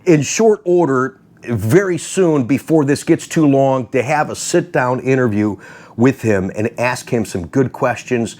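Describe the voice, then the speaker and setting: A man hosting a car channel, telling a story to his viewers in a casual, animated way, acting out quotes and laughing often. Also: medium pitch, a little hiss or hum. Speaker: host of a car video channel.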